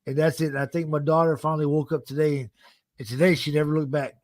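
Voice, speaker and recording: A man's voice: fairly high pitch, little pitch movement, a little mellow, no room sound, studio quality. A middle-aged man, co-hosting a casual podcast, swearing and laughing a lot. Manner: laughs often, swears, drawn-out. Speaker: podcast co-host. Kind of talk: casual chat.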